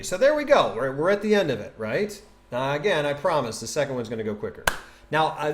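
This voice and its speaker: A man casually teaching a poem on a livestream, chatty and animated, thinking aloud and tapping out rhythms. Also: on the high side, a little fast. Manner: taps out rhythm with nonsense syllables. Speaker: streamer explaining a poem.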